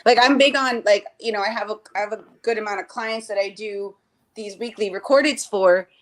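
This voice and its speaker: A woman's voice: mid-range voice, brisk, a bit bright. Rambling woman on a stream call. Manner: rambling, with many restarts and acted-out quotes. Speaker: mother discussing cardology. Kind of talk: casual chat. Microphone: remote call.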